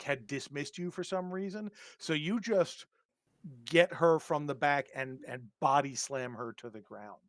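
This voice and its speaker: A man narrating as game master for a tabletop horror game, halting often with ums and restarts. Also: a little high, a bit bright, no echo.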